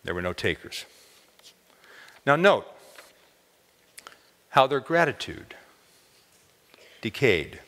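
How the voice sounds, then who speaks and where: Male chapel speaker, mid-pitched, expressive storyteller, long reverb from the hall. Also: slow, long pauses. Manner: expressive, lifts pitch on key words. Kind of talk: storytelling sermon. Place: college chapel.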